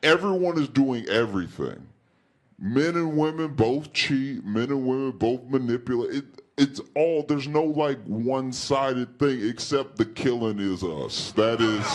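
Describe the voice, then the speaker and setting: Slow, easygoing male stand-up comic. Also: medium pitch, background noise. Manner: animated storytelling, acts out dialogue in raised voices. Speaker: stand-up comedian. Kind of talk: stand-up comedy set.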